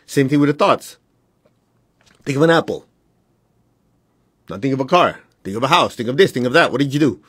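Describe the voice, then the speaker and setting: Blunt male spiritual teacher, husky voice, dry close sound, talks straight to his followers. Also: mid-range voice, lively intonation, fairly quick, pauses often, a bit bright, dry recording. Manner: blunt, direct, laughs between points.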